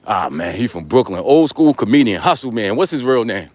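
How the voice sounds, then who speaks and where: A man's voice: on the low side, sing-song, brisk, darkish tone, no room sound. A man in his forties with a New York accent, casually chatting on a live stream while walking and teasing viewers in street slang. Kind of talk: casual live-stream chat reading comments.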